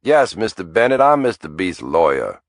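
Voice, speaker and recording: A man's voice: low-pitched, big pitch swings, moderate pace, dry recording, studio quality. A man doing a cultured Southern lawyer. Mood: affable. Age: middle-aged. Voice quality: smooth, cultured. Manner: polite and insistent. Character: affable pushy middle-aged Southern lawyer, round and cultured.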